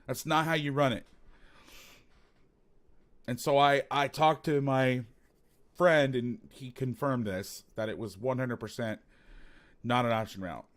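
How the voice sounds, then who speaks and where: A man's voice: mid-range voice, steady tone, unhurried, long pauses. A man hosting a football film breakdown, talking casually and animatedly, swearing, rambling with restarts.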